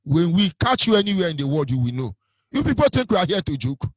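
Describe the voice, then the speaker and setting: A man's voice: a little high, very animated, fast, no echo. A Nigerian-accented man presenting on radio in a combative, taunting rant, hurling insults with sing-song lilts.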